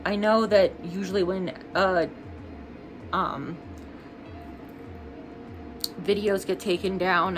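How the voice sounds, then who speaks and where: A woman's voice: on the low side, fairly bright tone. Angry woman vlogger, ranting and swearing. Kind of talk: casual get-ready-with-me chat.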